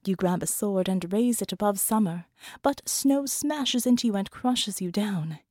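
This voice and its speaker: A woman voiceover artist reading dark fiction as narrator, slow and hushed, often sinking to a whisper. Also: medium pitch, no room sound, clean studio sound.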